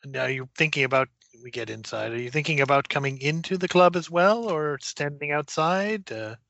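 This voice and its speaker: A man playing a tabletop role-play game, speaking in a polite, measured way. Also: fairly high pitch, gravelly, bright, forceful tone, no echo, muffled recording. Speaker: player.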